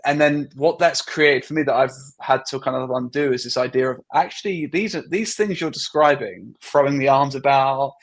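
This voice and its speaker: A man hosting an interview, talking in a measured way and often restarting his sentences. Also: medium pitch. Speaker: host. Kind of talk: conversational interview.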